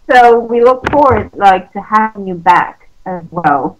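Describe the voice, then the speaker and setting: A woman's voice: mid-range voice, expressive, measured pace, a little mellow, low-quality recording. Effusive woman hosting an interview. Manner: effusive, laughs often. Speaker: interview host. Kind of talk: casual chat.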